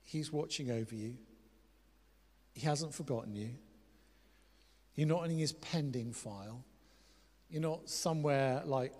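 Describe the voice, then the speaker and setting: A pastor preaching a sermon, swinging between loud animated exclamations and hushed, softly spoken quoted words. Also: male voice, mid-range voice, measured pace, long pauses. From England. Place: church hall. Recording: long church hall reverb.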